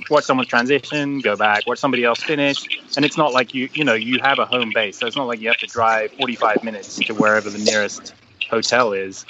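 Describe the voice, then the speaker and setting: A man chatting casually as a podcast guest, explaining things steadily. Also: mid-range voice. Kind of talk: casual chat. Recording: lo-fi with loud background noise.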